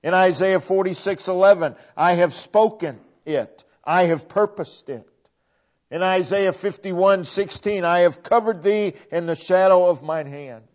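A man preaching a sermon, slow and deliberate, repeating phrases for emphasis. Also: sits high. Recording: dull lo-fi recording.

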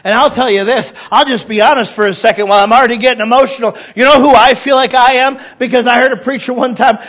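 In a church sanctuary, a male pastor delivers a sermon with candid, self-deprecating humor, moving between quiet confiding and loud, impassioned preaching. His voice is extremely high and steady in tone, and he speaks quickly.

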